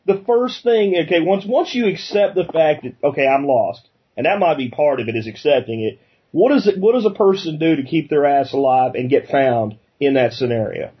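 A man's voice: on the high side, expressive, moderate pace, husky, muffled recording. A man from Pennsylvania hosting a casual interview, chatty and loose, with plenty of fillers. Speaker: podcast host.

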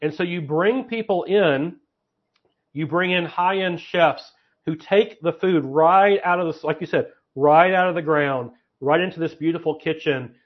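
A man's voice: a little high, measured pace. A man in casual conversation, thinking aloud and laying out plans with many fillers and restarts. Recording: slightly muffled lo-fi audio.

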